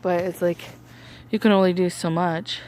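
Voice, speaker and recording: A woman's voice: on the low side, fairly even intonation, normal speed, darkish tone, slight background noise. A young woman, a massage therapist, casually chatting about her week with lots of fillers and restarts. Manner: rambling, many fillers and restarts. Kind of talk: casual chat.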